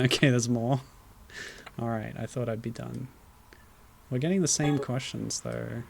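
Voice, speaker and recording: A man's voice: mid-range voice, steady tone, slow pace, creaky, long pauses, darkish tone, husky. A tired man in casual gameplay commentary, making wry, dry jokes and chuckling at the game. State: tired, low energy. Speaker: streamer.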